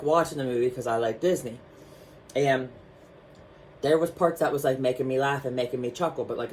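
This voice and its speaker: A man's voice: mid-range voice, slight background noise. Chatty man telling a funny story. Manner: chatty and animated, with many fillers like "like" and "um". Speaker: vlogger. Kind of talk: casual storytelling while showing artwork.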